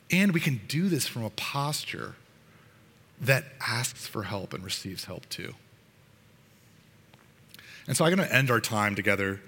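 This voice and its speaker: A man's voice: fairly low pitch, sharp tone, long reverb tail. A man preaching a sermon to his congregation in an earnest, conversational way, sometimes restarting his sentences. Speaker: pastor.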